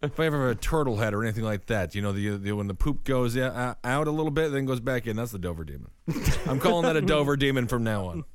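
A man's voice: medium pitch, lively intonation, quick pace, clean tone, no echo. A man co-hosting a casual podcast, making crude jokes and laughing often. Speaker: podcast co-host.

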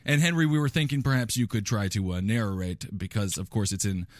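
A man's voice: lowish voice, a little fast, dry recording, clean studio sound. A man hosting a casual comedy podcast, riffing and laughing with his co-hosts as he introduces clips. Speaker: podcast host.

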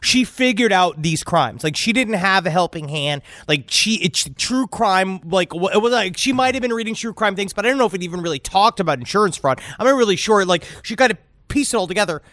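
Male podcast co-host, casual, crude, rambling, high-voiced. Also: animated, fairly quick, hardly any pauses, fairly bright tone, no echo, studio quality. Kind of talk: casual chat.

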